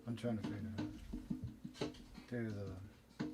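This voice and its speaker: A man mutters to himself as he works through his gear, only half talking to the room. He is far from the mic, and loud music plays over his voice. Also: fairly low pitch, steady tone, unhurried. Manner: muttering, distracted while working. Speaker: musician in the session. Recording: distant voice under loud music.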